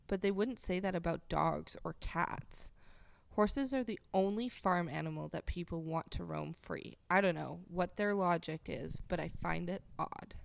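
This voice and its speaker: A woman's voice: on the low side, creaky, no room sound. A woman co-hosting a podcast, giving blunt, frank opinions in casual chat. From agricultural background. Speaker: podcast co-host.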